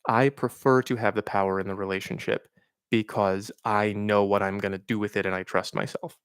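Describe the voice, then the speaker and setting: A man with a lowish, smooth voice hosts a casual live stream, reading out viewer questions. He answers with frank, reflective advice, pausing and using fillers as he thinks. The sound is close and dry. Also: level tone, dry recording. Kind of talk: casual livestream Q&A.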